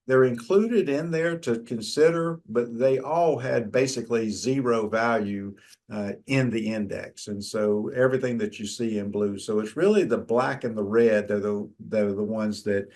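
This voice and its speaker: A man's voice: mid-range voice, measured pace, a little mellow. A middle-aged man, giving a conversational lecture from slides, with frequent fillers and restarts. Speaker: extension lecturer.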